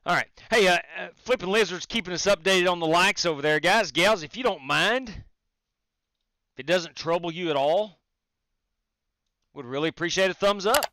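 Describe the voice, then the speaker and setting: A man's voice: high voice, moderate pace, long pauses, pushed and bright, no room sound. A man streaming a sim race, chatting casually and greeting viewers while he drives. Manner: frequent fillers and restarts. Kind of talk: casual live-stream commentary.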